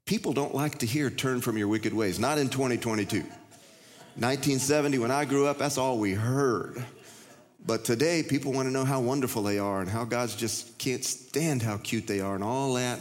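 A pastor in his fifties preaches in a folksy, conversational way, circling back and restarting his phrases. His voice sits at an everyday middle pitch for a man. Long reverb from a large church hall trails his words. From United States. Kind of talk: sermon. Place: church sanctuary.

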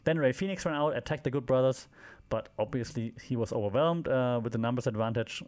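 A man's voice: mid-range voice, a little fast, a little mellow. A man hosting a solo podcast, recapping the week's events in a loose, rambling way with frequent fillers and dry asides. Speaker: podcast host. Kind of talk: casual solo wrestling recap.

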